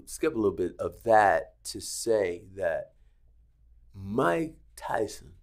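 A man telling a story as a guest in a podcast interview, acting out the lines of the people in it. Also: on the low side. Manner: animated storyteller acting out quoted dialogue. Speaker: guest, casino executive. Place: Las Vegas.

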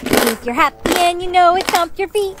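A woman's shrill text-to-speech voice plays a creepy female game announcer handing out deadly orders. The delivery is mechanical and flat. Heavy noise sits behind the voice. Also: normal speed. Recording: loud background noise.

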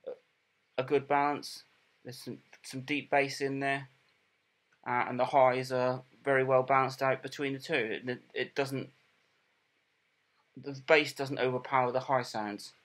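Middle-aged guy casually reviewing earphones, lots of ums, stops and starts, mid pitch. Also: little pitch movement, fairly bright tone. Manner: hesitant, many ums and repeated words; plain, unhurried and matter-of-fact. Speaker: product reviewer.

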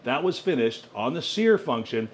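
A man hosting a cooking vlog, demonstrating a kitchen appliance at home with excited exclamations and frequent laughs. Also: mid-range voice, moderate pace, slight background noise. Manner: enthusiastic, exclamatory, laughing often. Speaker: cooking channel host. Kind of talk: product demo cooking vlog.

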